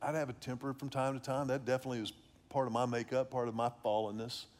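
A man's voice: medium pitch, little pitch movement, fast, a little mellow. A middle-aged man giving an earnest faith-based teaching on fatherhood, often repeating and restarting words. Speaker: preacher on fatherhood.

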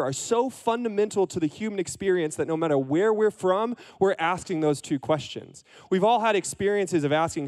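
A man's voice: high voice, animated, brisk, a little mellow. A young man who leads youth ministry, giving a casual storytelling sermon in a chatty, self-deprecating way with many fillers and restarts.

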